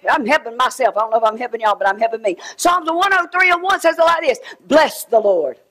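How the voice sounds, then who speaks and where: Woman preacher, high voice, fervent sermon with shouts and soft asides. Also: quick pace. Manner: fervent, swinging between shouted exhortation and quiet asides.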